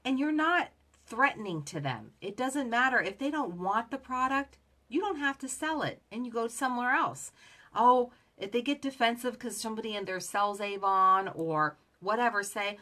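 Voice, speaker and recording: A woman's voice: on the high side, expressive, normal speed, pushed and bright. A woman giving chatty sales advice who acts out both sides of the conversations she describes. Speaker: direct sales coach. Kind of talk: casual motivational talk.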